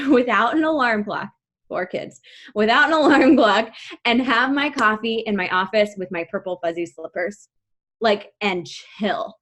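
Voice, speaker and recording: A woman in her thirties giving an upbeat, emphatic motivational talk to her coaching team, laughing often. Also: on the high side.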